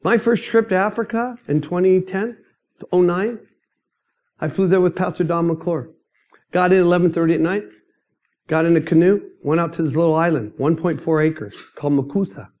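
A middle-aged man telling his mission testimony as a sermon, emphatic and storytelling, breaking into sudden loud outbursts. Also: on the high side, normal speed, narrow, tinny audio.

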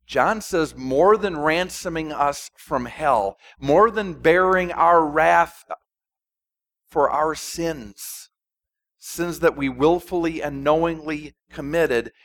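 A man preaching a sermon, animated and emphatic, asking the congregation rhetorical questions and dropping to a hush for emphasis. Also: on the high side, slow. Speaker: pastor.

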